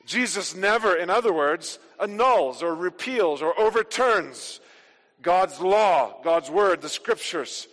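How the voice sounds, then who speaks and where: Emphatic high-voiced male preacher in a reverberant hall. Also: expressive, slow. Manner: emphatic, rising to forceful declarations. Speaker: pastor. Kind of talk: sermon.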